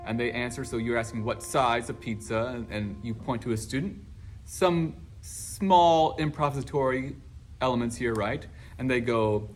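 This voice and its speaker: A man, a choir teacher, explaining warm-up exercises in casual teaching talk, now and then breaking into song. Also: mid-range voice, a little fast, music in the background. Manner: animated, bursts into singing and acted class responses.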